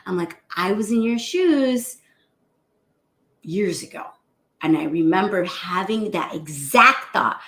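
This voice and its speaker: A woman cardiologist telling a patient's story to a group, animated and chatty. Her voice has a gravelly edge, and the room around her is echoey. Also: medium pitch, normal speed. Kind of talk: casual morning talk to a group.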